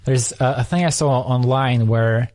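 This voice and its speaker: A man's voice: mid-range voice, a little mellow. Man from the former Soviet Union, storytelling. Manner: thoughtful, quick storytelling with frequent restarts. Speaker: podcast host. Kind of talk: conversational interview.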